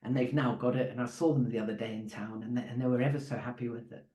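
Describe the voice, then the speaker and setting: A man's voice: mid-range voice, fairly even intonation, fast talker, warm tone, reverberant, low-quality recording. Man coaching a roomful of salespeople. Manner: conversational, with many fillers and restarts. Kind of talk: live training talk to an audience.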